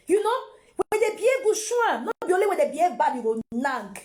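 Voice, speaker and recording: Animated high-voiced Nigerian woman. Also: fast. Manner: animated, repeats phrases, mixes in pidgin. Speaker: mother giving parenting advice. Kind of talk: casual advice talk to camera.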